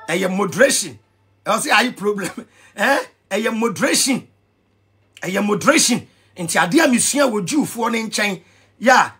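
A Ghanaian man ranting in an animated vlog commentary, excitable and mixing pidgin with Twi. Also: high-pitched, breathy edge. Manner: excitable, switching between pidgin and Twi, shouting and laughing. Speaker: vlogger.

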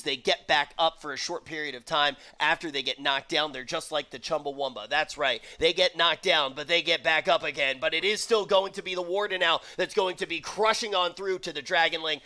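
A man's voice: on the high side, bright, forceful tone. A man casting a pet battle tournament with theatrical, jokey play-by-play and dramatic flourishes. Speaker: tournament caster. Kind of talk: playful esports commentary.

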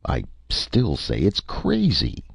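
A man voicing a gruff, blunt male spaceman who grumbles, recorded dry and slightly muffled. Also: low-pitched, wildly swooping pitch, slow, no room sound, pitched above the performer's own voice, exaggerated voice. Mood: grumbling.

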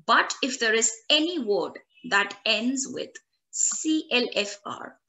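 A woman language instructor teaching an online lesson, repeating words slowly and clearly for learners. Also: fairly high pitch, expressive, pushed and bright. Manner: slow, drawn-out repetition of French words for learners.

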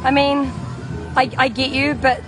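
Young Kiwi woman, bubbly and chatty, fairly high voice, phone recording outdoors with music loud behind her. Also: level tone, measured pace, crowd noise. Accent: New Zealand. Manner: bubbly, chatty, laughs often. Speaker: vlogger. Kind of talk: walking livestream vlog. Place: outdoor protest camp. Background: music playing nearby.

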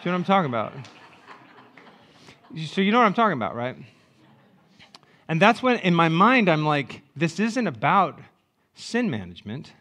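A man in his sixties, a pastor preaching a sermon with animated, joking storytelling that swings from loud asides to hushed reflection. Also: sits high, moderate pace, pauses often.

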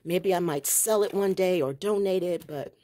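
Speaking at a moderate pace with a fairly low pitch and dark tone, a woman chats her way around her home craft room, laughing often as she rambles. She vlogs about planners and journaling.

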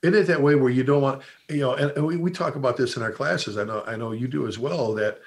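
Fast-talking man telling firehouse stories. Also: mid-range voice. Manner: rapid, animated storyteller who restarts sentences and quotes old bosses. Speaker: podcast host and fire service instructor. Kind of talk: casual chat, storytelling.

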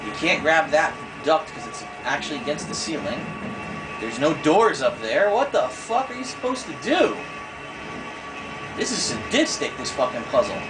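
A man's voice: a little high, big pitch swings, moderate pace, over music, rough recording. A young man giving frustrated, swear-heavy commentary while playing a video game. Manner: cursing, exasperated, thinks aloud. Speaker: gamer.

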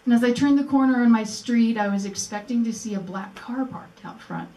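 A woman's voice: on the high side, a little fast, mellow. Older lady telling a personal story to a room, echoey hall, mic kinda far off. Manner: earnest, acts out remembered dialogue. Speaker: speaker at a memorial event. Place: museum presentation room.

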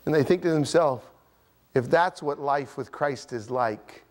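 A man's voice: a little high, a little slow. A man preaching a sermon as pastor, passionately pressing his points and voicing imagined objections from the congregation. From United States. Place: church sanctuary.

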